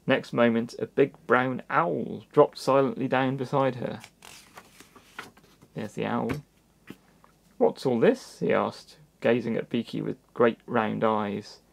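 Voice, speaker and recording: A man reading a children's storybook aloud in a gentle manner, with little asides to the listener. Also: mid-range voice, a little slow, gravelly. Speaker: storybook reader.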